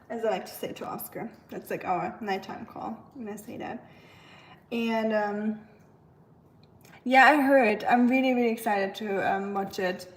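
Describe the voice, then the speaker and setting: A woman's voice: a little high, slight background noise. A woman live streamer chatting casually with her viewers, rambling and using lots of filler words. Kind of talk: casual livestream chat.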